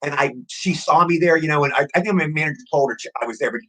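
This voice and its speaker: A man in his sixties, an actor guest telling rapid, excitable anecdotes in a casual interview, often repeating words as he goes. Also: on the high side, low-quality recording. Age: 60s.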